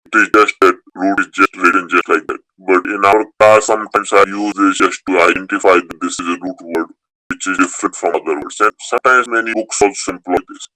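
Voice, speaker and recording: A male language teacher with a lowish voice and a bright, forceful tone, taking questions in an online class. He explains methodically, restarting words as he goes. The sound is dry and close. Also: fairly even intonation, a little fast, no room sound, low-quality recording.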